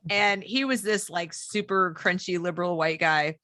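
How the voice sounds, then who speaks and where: A woman's voice: on the low side, normal speed, no room sound, studio quality. A middle-aged woman telling a story in casual conversation, acting out the voices of the people she quotes. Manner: animated, acts out quoted dialogue. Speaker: podcast guest.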